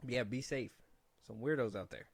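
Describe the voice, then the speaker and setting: A man hosting a film podcast, talking casually in a middle-pitched voice. He jokes and rambles, restarting his sentences as he goes. The sound is dry and close to the mic. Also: normal speed, dry recording. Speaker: podcast host.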